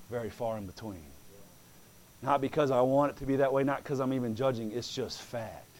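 A male preacher delivering a sermon, moving from quiet talk into fervent preaching. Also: mid-range voice.

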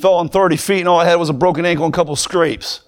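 A young man preaching a sermon, moving from plain talk to fervent, shouted preaching. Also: a little high, steady tone, very fast.

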